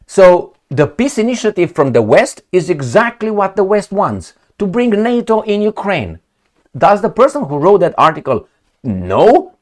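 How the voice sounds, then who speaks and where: Animated man ranting over news. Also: medium pitch. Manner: animated, sarcastic, rambling with restarts. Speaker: political commentator. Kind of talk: casual commentary reading articles.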